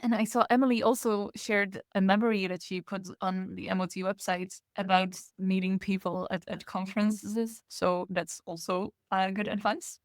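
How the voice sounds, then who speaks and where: A woman's voice: mid-range voice, flat delivery, moderate pace, hardly any pauses, no echo. A woman co-hosting a podcast in casual chat, chatty and laughing often as she talks. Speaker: podcast co-host.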